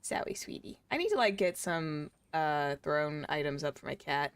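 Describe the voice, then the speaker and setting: A woman's voice: sits low, lively intonation, moderate pace, clean tone, dry recording. A young woman VTuber chatting casually on a gaming stream, rambling with many fillers. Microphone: desk streaming mic.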